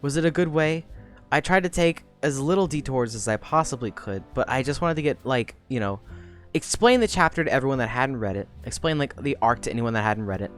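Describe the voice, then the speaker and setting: Young woman streamer, lively swooping pitch, chatty and rambling, casual swearing, desk mic. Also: brisk, soft background music. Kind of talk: casual live-stream chat.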